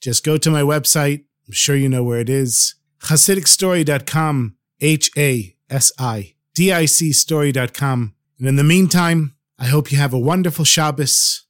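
A man's voice: fairly high pitch, moderate pace, hardly any pauses, no echo, clean studio sound. A man hosting a storytelling podcast, narrating expressively and addressing listeners fondly.

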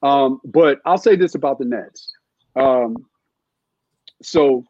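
A middle-aged man talking basketball as a podcast guest, halting and restarting often with many fillers. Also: mid-range voice, a little mellow, highs cut off, a little hiss or hum. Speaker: guest, former NBA scout. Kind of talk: casual podcast chat.

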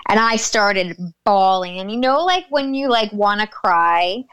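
A young woman telling her story as a guest in casual chat, animated, acting out what others said and laughing often. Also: mid-range voice, unhurried, clear, resonant tone. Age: young adult.

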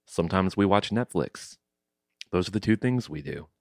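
A man's voice: low-pitched, animated, moderate pace, creaky, a little mellow, no room sound, clean studio sound. A man in casual chat, teasing and wry with his co-host.

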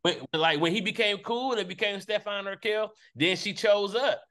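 High, bright man giving blunt opinions. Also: normal speed. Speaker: podcast co-host. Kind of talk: casual group chat on a video call.

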